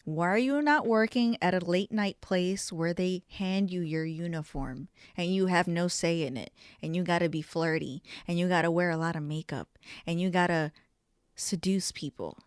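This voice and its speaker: A woman's voice: fairly low pitch, normal speed, clear, resonant tone, no echo, studio quality. A young woman hosting a solo podcast, telling stories casually with lots of swearing and self-mocking asides. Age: young adult. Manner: chatty, profane, self-mocking. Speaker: podcast host.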